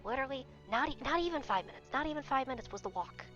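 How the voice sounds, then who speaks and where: A woman's voice: sits high, animated, very fast, a bit bright. A young adult woman streamer in casual chat, talking bluntly and swearing freely. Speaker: game streamer. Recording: dull lo-fi stream audio with faint music.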